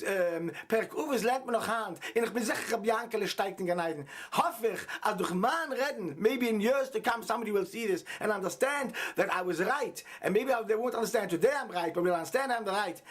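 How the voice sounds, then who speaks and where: Husky, preachy rabbi. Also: male voice, lively intonation, fairly quick, hardly any pauses, fairly bright tone. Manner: preachy, emphatic, repeats himself, swings between low mutter and raised urgency. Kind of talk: impassioned video monologue.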